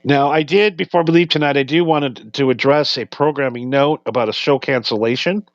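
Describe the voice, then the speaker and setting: A man's voice: medium pitch, fairly quick, dry recording. A man co-hosting a comedy podcast in casual banter, rambling and laughing often as he acts out quotes. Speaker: podcast co-host. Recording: dull, slightly muffled sound.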